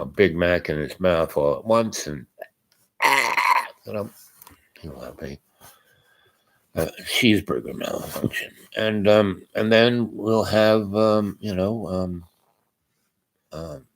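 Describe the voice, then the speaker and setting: An older man with a deep, low voice, hosting his own podcast. He talks in a loose, meandering way, with plenty of fillers and side stories. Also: fairly bright tone. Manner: meandering, many fillers and asides. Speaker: podcast host. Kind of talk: rambling casual monologue.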